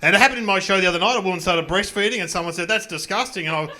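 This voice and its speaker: A man's voice: high-pitched, rapid-fire, bright, forceful tone. A middle-aged man with an Australian accent doing a self-mocking, chatty stand-up comedy set on a club stage. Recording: live club recording with audience noise.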